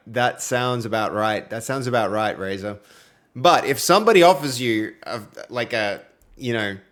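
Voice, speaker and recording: A man's voice: medium pitch, fairly bright tone. A young man with an Australian accent chats casually to his stream audience while he works through code. His talk is friendly and loose, packed with fillers. He reads viewers' messages aloud as they come in. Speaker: livestreaming programmer. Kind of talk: casual live-stream chat while coding.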